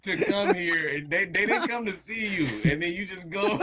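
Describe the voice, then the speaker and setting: A man's voice: high-pitched, moderate pace, few pauses, a crowd in the background. A man chatting casually as a podcast host, rambling with many restarts, laughing and acting out quotes. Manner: rambling, stop-start, laughs often, acts out quotes. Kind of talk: casual chat.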